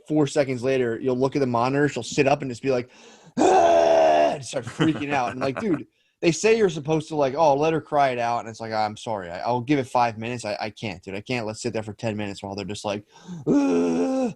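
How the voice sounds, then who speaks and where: A man's voice: mid-range voice, fast, darkish tone, no room sound, studio quality. A man co-hosting a podcast, telling rambling, profane stories in casual chat with lots of restarts. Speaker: podcast co-host.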